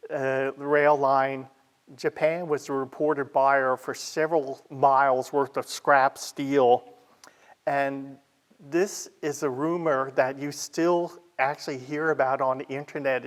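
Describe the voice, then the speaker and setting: A man presenting a library history talk in a chatty, informal way, often pausing on "uh" and adding side remarks. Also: medium pitch. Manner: chatty, with frequent "uh" fillers and asides.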